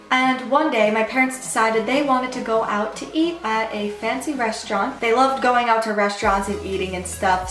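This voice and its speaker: A young woman telling a storytime vlog story in an animated way, quoting people in lively voices. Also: fairly high pitch, echoey room. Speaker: vlogger.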